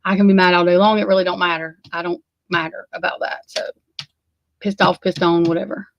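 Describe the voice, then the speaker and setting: A woman's voice: on the low side, flat delivery, fairly quick, dry recording, highs cut off. A woman hosting a casual true crime livestream, sleepy and yawning, rambling and swearing in exasperation as she talks to her chat. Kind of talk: casual live commentary.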